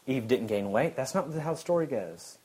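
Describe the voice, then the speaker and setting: A man delivers a sermon in a middle-pitched voice. He is earnest and emphatic and circles back to repeat his points. A faint hiss sits under the recording. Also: lively intonation, normal speed, dark tone, low-quality recording. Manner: earnest, repetitive emphatic preaching. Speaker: preacher.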